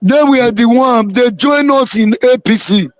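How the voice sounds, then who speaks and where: A man's voice: extremely high pitch, unhurried, dry recording. A man, a political guest calling in to a live interview and speaking emphatically, repeating words for weight.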